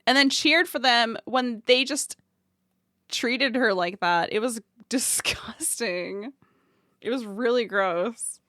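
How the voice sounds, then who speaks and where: Slow-talking woman streamer, dry close sound. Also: a little high, fairly bright tone, no echo. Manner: chatty, swears freely, laughs between lines. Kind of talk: casual stream chat.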